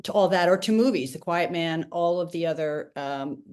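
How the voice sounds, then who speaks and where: A woman moderator with a lowish voice leads a video-call discussion. She speaks with animation, pausing with fillers as she looks for the right words. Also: darkish tone, clear, resonant tone. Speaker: host and moderator. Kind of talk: conversational interview on a video call.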